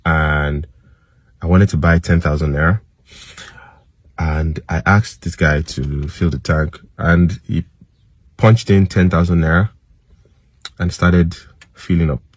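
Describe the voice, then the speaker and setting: A Nigerian man ranting agitatedly as he retells a run-in, his voice climbing to loud outbursts. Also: low voice, fairly even intonation, slow pace, long pauses, no echo. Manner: agitated, rising to loud outbursts when quoting himself. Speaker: minister ranting on camera. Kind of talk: personal rant, retelling an incident.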